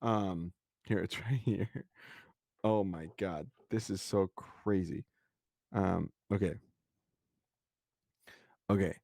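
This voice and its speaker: A young man hosting a podcast over a video call, chatting casually and excitedly with a lot of swearing and filler. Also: low voice, takes it slowly, creaky, long pauses, no echo, clean studio sound. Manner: excitable, swears freely, says "bro" and "like" a lot. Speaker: podcast host. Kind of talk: casual chat.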